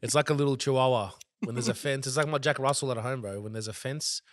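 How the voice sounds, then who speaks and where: A man hosting a casual podcast chat, slangy and swearing, quick to react. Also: medium pitch, heavy background noise. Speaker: podcast host.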